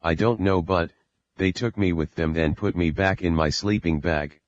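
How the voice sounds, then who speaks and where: A frightened little boy answering his father in a small, apologetic way, read plainly by a man with a deep voice. The sound is dry and muffled. Nothing is put on, just a grown man's storybook reading. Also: moderate pace, no room sound, natural voice. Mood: timid. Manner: quiet, apologetic. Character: scared timid four-year-old boy. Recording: dull lo-fi recording.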